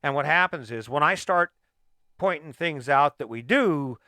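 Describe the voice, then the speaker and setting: A man's voice: a little high, expressive, a little slow, pushed and bright, no echo. A middle-aged man hosting a motivational podcast, talking emphatically and firing off repeated rhetorical questions. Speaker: podcast host.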